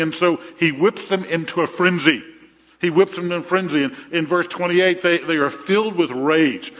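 A man's voice: fairly high pitch, normal speed, a bit bright. A middle-aged man preaching a sermon as a pastor, conversational, often repeating his phrases and telling jokes. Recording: reverberant hall.

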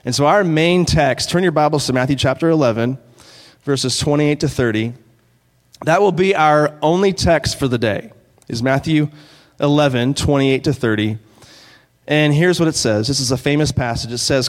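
Man, pastor, conversational sermon, slightly high voice, long church reverb. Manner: earnest, conversational preaching, slows for scripture reading. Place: church sanctuary.

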